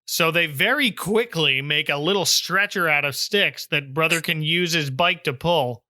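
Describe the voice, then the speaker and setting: Brief: man in his thirties or forties, joking podcast host, slightly high voice. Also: moderate pace, bright, forceful tone, no room sound, clean studio sound. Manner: wry, joking recapper. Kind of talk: casual chat recapping a cartoon.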